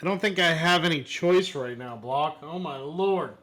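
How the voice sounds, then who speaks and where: A man's voice: a little high, moderate pace, fairly bright tone, faint music behind. A man chatting casually on a live stream at home, exclaiming and repeating words.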